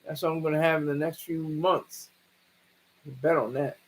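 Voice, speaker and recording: A man hosting a livestream, talking through a case in a rambling, halting way with many restarts. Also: on the high side, level tone, low-quality recording. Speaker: livestream host. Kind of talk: casual livestream commentary.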